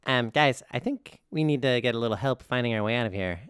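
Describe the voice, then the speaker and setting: A man's voice: mid-range voice, quick pace, fairly bright tone, clean tone, no echo, studio quality. A man playing a tabletop game in character, speaking politely and a bit hesitantly. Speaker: player.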